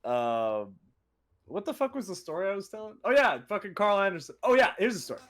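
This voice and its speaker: Animated young man telling stories. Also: sits high, brisk. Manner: animated, laughing, voices quotes. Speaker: co-host. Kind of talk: casual podcast storytelling.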